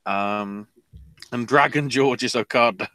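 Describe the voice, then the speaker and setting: A man's voice: medium pitch, a little slow, sharp tone, dry recording. A man co-hosting a podcast, rambling through wrestling news in a casual chat full of fillers. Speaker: podcast co-host.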